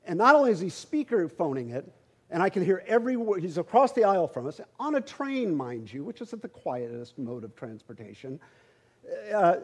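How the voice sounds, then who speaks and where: Husky high-voiced pastor telling a story. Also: male voice, a little mellow. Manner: conversational, humorous, repeats words when starting sentences. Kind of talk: storytelling sermon.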